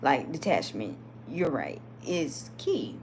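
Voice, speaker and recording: A woman's voice: a bass voice, takes it slowly, slight background noise. A woman from Georgia with a Southern accent, chatting casually and reading comments during a late-night live video. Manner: chatty, lively, laughs often.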